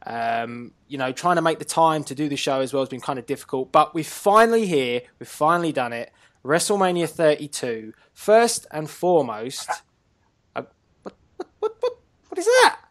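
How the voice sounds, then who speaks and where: A man's voice: on the high side, expressive, moderate pace, fairly bright tone. A man hosting a casual online wrestling chat show, upbeat and laughing often. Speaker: host.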